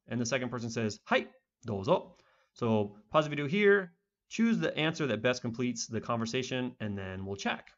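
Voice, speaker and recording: A man teaching a beginner language lesson online in a relaxed, conversational way with lots of fillers. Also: mid-range voice, moderate pace, dull audio.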